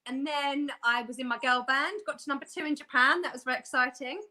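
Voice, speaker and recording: A high, bright woman talking as a guest on a video call, coming across crisp and forward. She is lively and chatty, quick to laugh between her stories. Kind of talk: casual chat on a video call.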